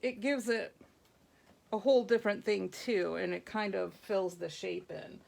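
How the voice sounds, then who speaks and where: Upbeat chatty woman with a gravelly edge. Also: medium pitch, fairly even intonation, measured pace, darkish tone. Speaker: craft workshop host. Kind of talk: live stamping demonstration. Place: craft store classroom.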